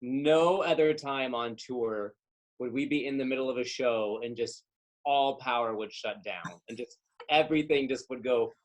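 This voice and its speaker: A man's voice: medium pitch, normal speed, rough recording. Chatty man telling backstage stories. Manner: animated, rambling, trails off in asides. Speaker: guest actor and live stage performer. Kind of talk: casual storytelling chat.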